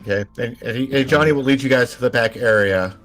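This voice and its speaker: A man's voice: medium pitch, fast talker, fairly bright tone, faint music behind. A man narrating as game master of a tabletop role-playing game, rambling with many fillers and restarts.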